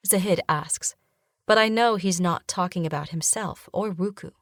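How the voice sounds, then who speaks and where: Low-voiced woman narrating an audiobook. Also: moderate pace, fairly bright tone, no echo, clean studio sound. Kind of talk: first-person romantasy audiobook narration.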